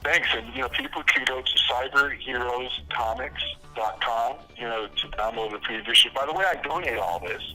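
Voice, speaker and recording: A man's voice: mid-range voice, normal speed, hardly any pauses, bright, forceful tone, soft background music, low-quality recording. A man guest on a podcast interview, telling his stories casually with many fillers and restarts, laughing at his own jokes. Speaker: podcast guest, comic creator.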